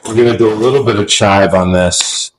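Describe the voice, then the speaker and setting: Low-voiced dad hyping a home cooking show. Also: male voice, fairly even intonation, brisk, low-quality recording. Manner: playful hype-man patter, shout-outs and "boom". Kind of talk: casual cooking demonstration. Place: home kitchen.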